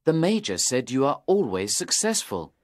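A man's voice: mid-range voice, sing-song, moderate pace, no echo, studio quality, pitched above the performer's own voice, close to an everyday voice. A man voicing a nervous young man in his twenties in an audiobook, anxious and pleading. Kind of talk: audiobook character reading.

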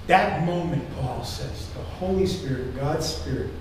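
High-voiced older pastor in echoey church. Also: male voice, unhurried, background noise. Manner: joking, animated preaching. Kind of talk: sermon. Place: church sanctuary. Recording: echoey church hall from far off.

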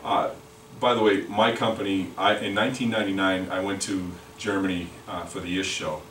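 A man's voice: low voice, little pitch movement, a little fast, a bit bright. A man giving a product training talk at a lunch meeting, rambling with many repeated words and restarts. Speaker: sales representative. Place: meeting room, lunch and learn. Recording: echoey room from far off, faint noise.

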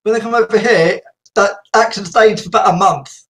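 A man hosting a casual video chat, rambling and laughing often, a little croaky. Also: high voice, a little fast, a bit bright. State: slightly croaky. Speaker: host.

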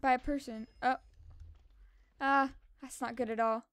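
A young woman giving casual, excitable commentary on her own gameplay and repeating words fast when tense. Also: high-pitched, clean tone, dry recording. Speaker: gaming channel host.

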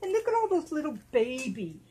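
A woman hosting a casual vlog at home, talking to viewers and cooing softly to her dolls. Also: high voice, very animated, a little fast, background noise. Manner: doting, soft baby talk to her dolls. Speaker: doll channel host.

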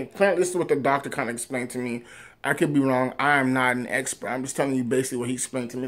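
A man talking casually to camera in a personal vlog, rambling with many fillers and restarts, rising loud at the big moments and trailing off quietly after. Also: medium pitch. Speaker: vlogger.

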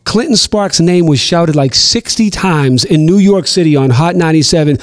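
A middle-aged man from Boston, telling stories as a podcast guest in an animated, profane way on a studio mic. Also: on the high side, moderate pace, few pauses. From Boston, USA. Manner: animated, profane storyteller acting out quotes. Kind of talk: casual storytelling interview.

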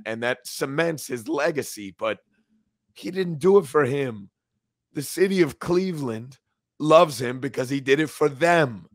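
A man's voice: on the high side, no echo. Emotional man on a podcast, dry sound. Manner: emotional, swearing, voice breaking. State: close to tears. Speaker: podcast co-host. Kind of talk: casual podcast chat.

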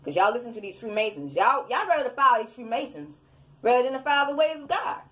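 A woman's voice: fairly high pitch, lively intonation, fast talker, a bit bright. A woman preaching in a fiery, scolding rant at her online commenters, repeating her points. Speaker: self-styled preacher.

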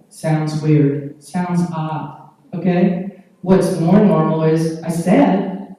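A woman with a deep, dark voice lectures at a conference, her words echoing through a hall and captured by a distant microphone. She takes her time explaining, with pauses and fillers, regularly asking the audience "okay?"

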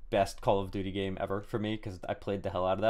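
A man's voice: low-pitched, flat delivery, quick pace, darkish tone. A young man hosting a casual gaming stream, rambling with many restarts while greeting his chat. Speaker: streamer host.

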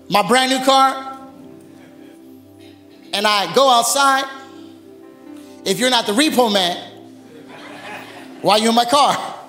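High-pitched pastor guy preaching, chatty and joking, echoey church hall. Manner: lively, conversational preaching with humor. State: recovering from bronchitis. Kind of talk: sermon. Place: church sanctuary.

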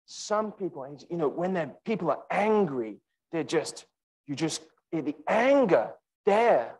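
A man giving an emphatic sermon at a student conference, speaking directly to listeners by name and slowing down to repeat key lines. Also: breathy edge, low-quality recording. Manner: animated and emphatic, with wide pitch swings.

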